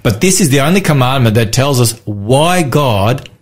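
Croaky man, earnest co-host, mid-pitched, thinks aloud. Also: expressive, moderate pace. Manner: earnest, repeats himself while gathering thoughts. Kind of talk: Bible study discussion.

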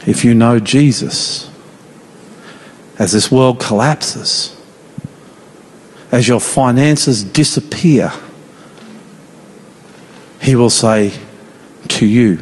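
Husky-voiced man preaching earnestly. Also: medium pitch. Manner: earnest, pleading, slow and emphatic. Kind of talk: sermon. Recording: long reverb of a large hall.

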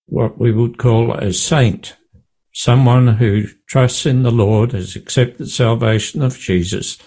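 A man in a Bible study discussion, posing a question and answering it in a deliberate way. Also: lowish voice, mellow, slightly rough.

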